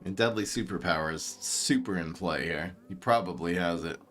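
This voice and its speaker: A man with a light New York-tinged East Coast accent, streaming a card game and thinking aloud in excitable, laughing commentary. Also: low-pitched, moderate pace, slight background noise.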